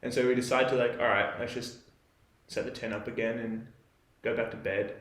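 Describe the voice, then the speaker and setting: A man's voice: medium pitch, flat delivery, a little fast, a bit bright. A young Australian man telling a camping story in a rambling, laid-back way, full of "like" fillers, as a podcast co-host. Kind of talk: casual storytelling. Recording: roomy echo.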